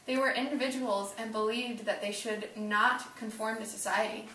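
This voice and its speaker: A woman's voice: on the high side, fairly even intonation, normal speed, pushed and bright, slight background noise. A teenage girl chatting through a class project, dropping "like" often. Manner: chatty, with filler "like". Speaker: student presenter. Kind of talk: casual class project video. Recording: echoey room from far off.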